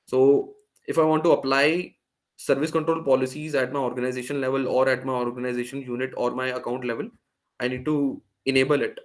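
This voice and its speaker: A man's voice: medium pitch, flat delivery, brisk. A man presenting a live online workshop, explaining step by step with frequent fillers and restarts over a video call. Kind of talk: live screen-share tech demo.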